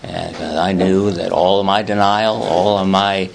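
Low-voiced man giving earnest testimony. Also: level tone, vocal fry, a little hiss or hum. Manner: earnest, halting, frequent fillers. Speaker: AA speaker. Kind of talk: personal testimony at a recovery meeting.

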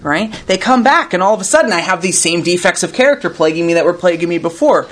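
A man's voice: high voice, lively intonation, fast talker, fairly bright tone. Earnest man tagging lines with "right?". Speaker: recovery meeting speaker. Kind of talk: reading aloud and commenting to a group.

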